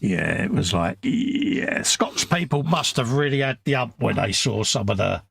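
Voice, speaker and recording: Gravelly-voiced man chatting casually. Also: medium pitch, expressive, moderate pace, fairly bright tone, dry recording. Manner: conversational, leans on tag questions like "isn't it?". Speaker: livestream co-host. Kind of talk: casual chat.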